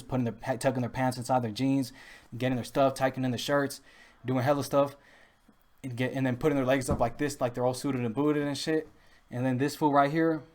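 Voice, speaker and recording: A young man, telling rambling stories casually with lots of restarts and street slang. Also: medium pitch. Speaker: podcast host. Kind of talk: casual storytelling.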